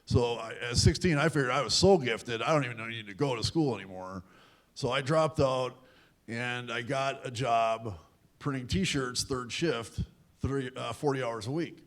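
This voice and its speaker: A man's voice: mid-range voice, moderate pace, a bit bright. Man telling a candid life story on stage. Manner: candid, self-deprecating, acts out quoted voices. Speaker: guest speaker at a youth event. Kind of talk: personal storytelling talk. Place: large event hall at a university.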